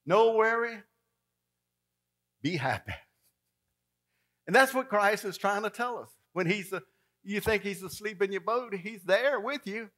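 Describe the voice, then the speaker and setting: A man delivers a folksy sermon in a high, bright, forceful voice. He swings between loud and hushed, acting out each scene as he preaches. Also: expressive, moderate pace.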